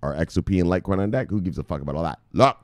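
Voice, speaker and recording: A man's voice: sits low, animated, rapid-fire, dry recording, studio quality. A man hosting a crypto video, ranting in a fired-up, preacher-like way, swearing constantly and repeating himself. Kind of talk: profane ranting commentary.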